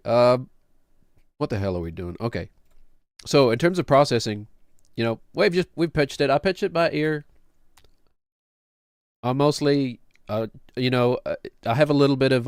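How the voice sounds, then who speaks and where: A man's voice: medium pitch, moderate pace, pauses often, clean tone, no echo. Laid-back late-thirties man, dry close mic. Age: late 30s. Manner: chatty, self-deprecating, laughs often. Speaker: streamer and home music producer. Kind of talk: casual rambling explanation.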